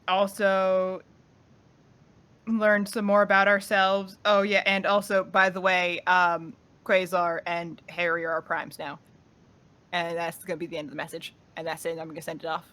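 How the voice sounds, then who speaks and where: A woman's voice: on the low side, level tone, normal speed, a bit bright. Rambling woman playing a tabletop game. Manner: rambling, lots of restarts and fillers. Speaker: player. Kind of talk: casual tabletop play.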